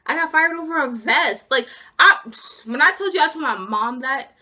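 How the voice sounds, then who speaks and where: A young woman vlogger telling an indignant, animated story about being fired, acting out each side of the conversation. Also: high-pitched, normal speed. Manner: indignant, animated retelling with acted quotes. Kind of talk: casual storytime rant.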